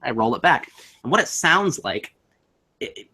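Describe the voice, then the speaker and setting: Young man, bright forceful tone, animated casual ghost-story teller. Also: mid-range voice, unhurried, slightly rough. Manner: animated, acts out voices in his story.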